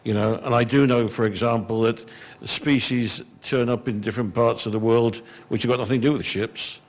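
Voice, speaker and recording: A man's voice: mid-range voice, steady tone, fairly quick. A middle-aged man, answering as a panelist in a conference hall in a blunt, exasperated, frank way. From England.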